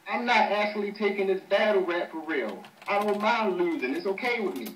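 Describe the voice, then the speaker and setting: A man's voice: sits high, expressive, fairly quick. A man talking loose, profane, dismissive smack between rap battle rounds over a voice chat mic. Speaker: battle rapper. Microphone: webcam chat mic. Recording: roomy distant webcam audio with faint hiss.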